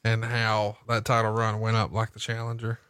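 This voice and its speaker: A man's voice: fairly low pitch, monotone, moderate pace, a bit bright, no room sound. A man hosting a casual chat and reading fan questions. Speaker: host.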